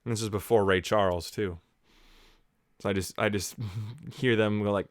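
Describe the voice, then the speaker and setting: A man's voice: on the low side, steady tone, normal speed. A Canadian man giving a casual, jokey watch-along commentary on a movie, reacting aloud as he goes. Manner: chatty and jokey, reacting aloud with laughs and asides. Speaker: movie reviewer.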